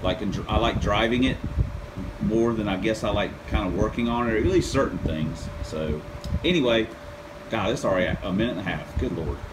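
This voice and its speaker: A man's voice: lowish voice, fairly quick, background noise. A man hosting a casual car-project vlog from his home workshop, laid-back and rambling, poking fun at himself. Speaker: channel host.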